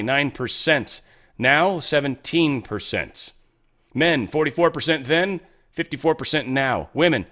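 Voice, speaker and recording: A man's voice: medium pitch, bright, forceful tone. A man runs a casual political commentary show in a blunt, opinionated voice. He reads posts and poll figures aloud.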